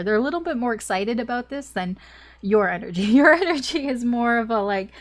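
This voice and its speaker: A woman's voice: fairly high pitch, brisk. A young woman doing a casual tarot reading, chatty and rambling with lots of "like" and small laughs, a little choked up with a cough. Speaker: tarot reader.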